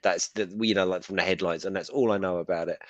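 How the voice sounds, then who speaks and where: A man co-hosting a casual live stream, animated and emotional, swearing freely as he tells stories. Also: low-pitched, fast talker, dry recording, dull audio. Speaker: podcast co-host.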